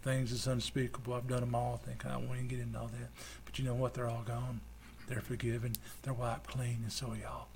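A male preacher delivers a sermon and prayer in a church. His mid-range voice swings between loud, fervent bursts and hushed asides. A faint background hiss sits under the recording. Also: mid-range voice, little pitch movement, a little fast, vocal fry, few pauses. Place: church with online stream.

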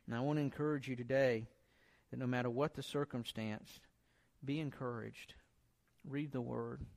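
A man giving an informal sermon, talking in a relaxed, encouraging way and reading scripture aloud. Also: medium pitch. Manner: conversational, encouraging, repeats himself, reads scripture aloud. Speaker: preacher.

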